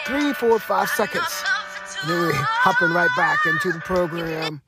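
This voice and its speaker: A man hosting his own talk show speaks in a high voice with huge pitch swings and an unhurried pace, music playing behind him. His impassioned solo monologue sounds like a sermon, emphatic and preacher-like, pounding the same phrases over and over.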